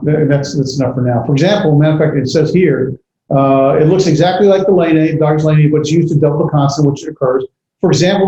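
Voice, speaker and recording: A man teaching a class on an ancient language. He has a rather high, mellow voice and halts often, with fillers and restarts as he carefully sounds out letters. It comes through as a dull, roomy classroom recording with faint hiss. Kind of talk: classroom lecture.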